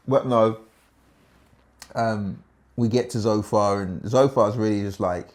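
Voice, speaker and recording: A man leads a Bible study in a lively, conversational teaching voice. He swings from hushed, slow lines to loud bursts and drops into laughing asides. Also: fairly low pitch.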